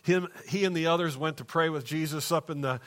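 A pastor preaching a sermon in church, moving between hushed, slow passages and raised, emphatic ones. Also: male voice, fairly high pitch.

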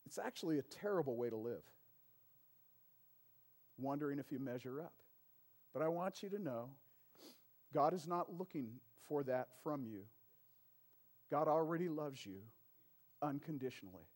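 Male pastor in his sermon, a bit high-pitched, chatty delivery that climbs to loud emphatic peaks. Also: lively intonation, normal speed, pauses often. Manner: conversational preaching with frequent call-and-response "amen" and "right".

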